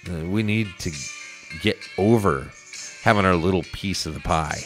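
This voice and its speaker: Over background music, a male podcast host with a deep voice speaks at normal speed into a studio microphone. He hosts a political podcast and earnestly urges listeners to get involved.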